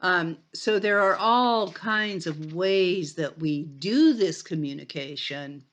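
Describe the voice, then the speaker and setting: A woman's voice: fairly low pitch, takes it slowly, fairly bright tone. An older woman teaches a college sociology class in a loose, talky way. She wanders through her points with plenty of ums and restarted sentences, like she is chatting with her students. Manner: conversational, rambling with fillers and restarts. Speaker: sociology lecturer. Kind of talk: recorded college lecture.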